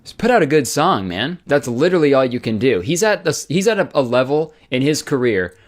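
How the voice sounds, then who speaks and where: A man's voice: mid-range voice, big pitch swings, brisk. A man in his twenties doing comedic commentary, sarcastic and swearing, with exaggerated mock outrage. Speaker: commentary YouTuber.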